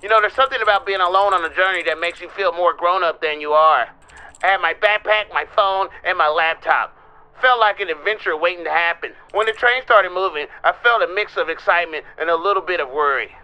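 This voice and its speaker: A man reading a game's story narration aloud as a sixteen-year-old boy remembering a lone train trip, in a measured storytelling voice. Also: high-pitched, pushed and bright, clean tone, low-quality recording.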